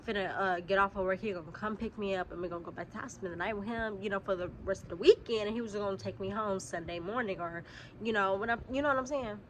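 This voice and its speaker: A young woman speaks, spilling a story to her viewers in a casual vlog. Her delivery is animated and full of cursing, and she sounds a little under the weather. She is recorded outdoors on a phone camera, with faint noise behind her. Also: medium pitch, fast. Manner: animated, profane, talks straight to viewers. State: slightly sick, clears throat. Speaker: vlogger.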